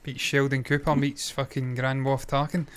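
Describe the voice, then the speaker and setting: A man's voice: medium pitch, level tone, moderate pace, smooth. A man co-hosting a casual TV reaction chat, blunt, opinionated and swearing freely. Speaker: co-host.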